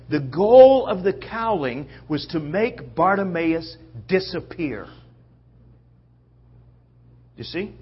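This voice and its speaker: Preacher guy telling a bible story, slow and lively, kinda husky, dull recording. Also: on the high side. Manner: animated storytelling, acts out quotes, checks in with listeners. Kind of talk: sermon.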